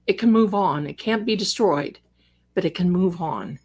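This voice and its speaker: A woman hosting a casual livestream from home, chatting with viewers at a desk microphone, rambling warmly and calling them darling and sister. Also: lowish voice, moderate pace. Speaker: livestream host and psychic reader. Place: home, cat on her lap.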